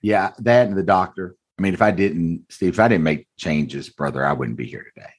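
Low raspy guy in his 40s, blunt and earnest, talks like he's chatting with a buddy. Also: brisk. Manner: earnest, blunt, folksy, calls host brother. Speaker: car dealership owner, interview guest. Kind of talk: candid conversational storytelling.

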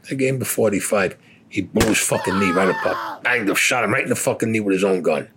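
A man's voice: lowish voice, fast, a bit bright, a little hiss or hum. An older man, a war veteran, telling a story in an interview in a blunt, profane way, cursing constantly.

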